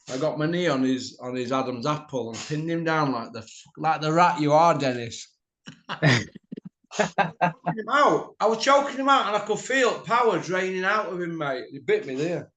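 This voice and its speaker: A middle-aged man telling a rowdy story in casual chat, mouthy and quick to laugh. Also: a little high, fairly bright tone. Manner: mouthy, laughs a lot, slips into quoted voices. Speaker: podcast host. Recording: echoey room.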